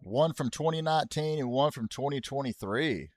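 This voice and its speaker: A man's slightly mellow, medium-pitched voice at a moderate pace carries a racing game stream with casual viewer chat. He rambles, jokes, goes off on tangents, and tosses "y'all" to chat, in a dry, clean studio recording.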